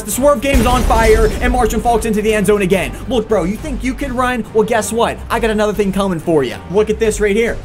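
A young man giving live gameplay commentary, swinging between loud excited outbursts and frustrated muttering. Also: sits high. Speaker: gaming channel host.

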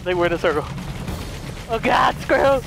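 A man gaming with a friend, loud and excitable, yelling and swearing often. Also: high-pitched, normal speed, gravelly, music in the background. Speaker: gamer streamer. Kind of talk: excited co-op game commentary.

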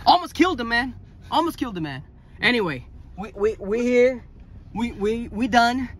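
Excitable, foul-mouthed young man vlogging. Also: very high voice, normal speed. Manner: excitable, profane, animated storytelling. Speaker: toy-hunting vlogger. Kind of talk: casual vlog chat.

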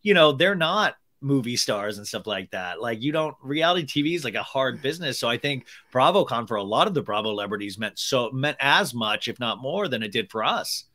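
A man talks as a podcast guest, sharing gossipy stories in a loose, rambling way. His voice is bright and forward, at an ordinary pitch for a man, and he keeps falling back on fillers and restarting his sentences. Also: animated, brisk, few pauses. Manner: chatty, many fillers and restarts, gossipy storytelling. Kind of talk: casual chat.

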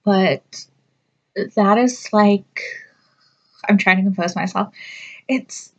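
A woman vlogger chatting casually while reacting to a movie trailer, gushing and excitable. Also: mid-range voice, slow, dull audio.

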